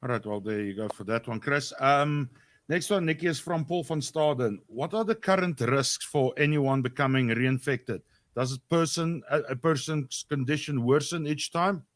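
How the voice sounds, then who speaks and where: A man's voice: medium pitch, normal speed, dry recording. A man co-hosting a casual interview, chatty and loose, often repeating words as he talks. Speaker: co-host.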